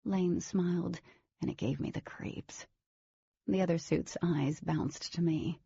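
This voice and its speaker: A woman's voice: lowish voice, slow pace, vocal fry, dark tone, husky, no room sound, highs cut off, exaggerated voice. A woman narrating a novel as a wary teenage girl, in scripted audiobook style.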